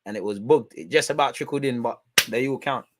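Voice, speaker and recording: A young man with a London accent, chatting casually on a football watch-along stream in heavy slang, swinging between loud hype and low mutters. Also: a little fast, noisy background. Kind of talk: casual live-stream chat.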